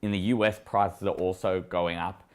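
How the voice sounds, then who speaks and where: A man with an Australian accent, speaking as a guest strategist. He talks through the markets in a low voice, analytical and at times emphatic. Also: fairly even intonation, moderate pace. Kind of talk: casual market discussion.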